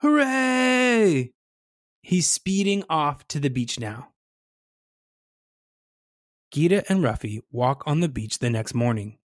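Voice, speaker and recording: A storyteller reading a children's story aloud in a gentle, expressive way, with lively sound words. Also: mid-range voice, measured pace, long pauses, no room sound, clean studio sound.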